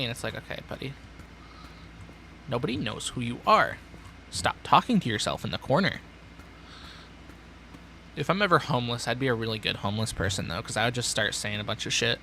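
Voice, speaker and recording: A man's voice: mid-range voice, lively intonation, a little fast, gravelly, pauses often, bright, forceful tone, a little hiss or hum. Rambling sardonic young man streamer. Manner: rambling, sardonic, talks to himself. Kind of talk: casual gameplay chatter.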